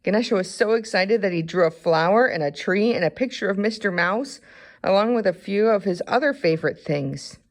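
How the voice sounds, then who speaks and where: Woman narrator, children's storybook read-aloud, expressive, mid-pitched. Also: fairly quick.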